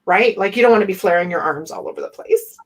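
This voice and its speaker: A woman's voice: mid-range voice, expressive, fast, poor audio. A woman business coach talking bluntly and with lots of energy in a podcast conversation, laughing often. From West Indian family.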